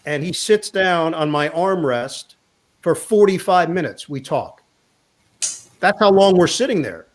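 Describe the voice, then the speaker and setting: Lively storytelling man, higher voice. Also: unhurried. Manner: animated anecdote teller, quotes others in voices. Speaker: sports broadcaster guest. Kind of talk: casual storytelling interview.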